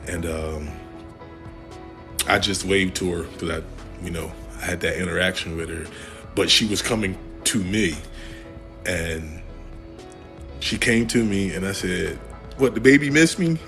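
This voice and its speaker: A man casually telling a personal story, jokey and animated, his voice jumping higher when he quotes people. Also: a little slow, vocal fry, long pauses, faint music behind. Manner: jokey, uses "y'all". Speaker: storyteller in a shared clip.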